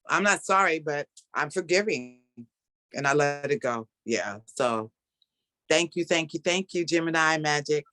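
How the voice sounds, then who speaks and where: A woman's voice: deep voice, lively intonation, unhurried, a bit bright, no room sound. Middle-aged woman hosting a video call, dry close sound, laughs a lot. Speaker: host. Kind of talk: casual chat on a video call.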